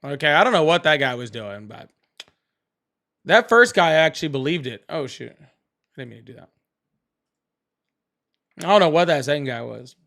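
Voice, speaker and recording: A man hosting a political call-in livestream, with a slightly higher voice than most men. He talks in a loose, chatty way, reads out super chats and laughs easily between callers. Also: lively intonation, creaky, sharp tone. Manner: chatty, laughs often, quick to banter. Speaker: livestream host.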